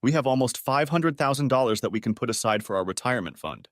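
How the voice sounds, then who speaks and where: A man voicing a distraught, pleading middle-aged wife in an audio story, lifting his voice higher for her lines. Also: animated, fast talker, dry recording, clean studio sound, lightly acted.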